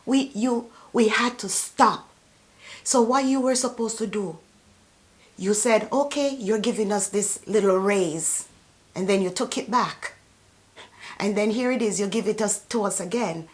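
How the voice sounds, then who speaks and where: Woman, support worker, slow and fed-up rant straight to camera, high-ish voice. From immigrant to Canada. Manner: indignant, emphatic, repeats for emphasis. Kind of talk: impassioned political rant to camera.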